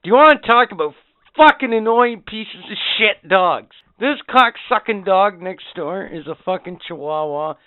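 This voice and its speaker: A man co-hosting a podcast in a crude, swearing rant, with a voice pitched a bit high. The sound is dry and narrow, like it comes over a phone line. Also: animated, normal speed, clean tone, dry recording. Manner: profane and ranting. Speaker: podcast co-host.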